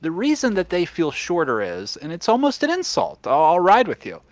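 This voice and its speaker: A man co-hosting a podcast in casual chat, animated and opinionated. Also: high voice, moderate pace, dry recording. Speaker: podcast co-host.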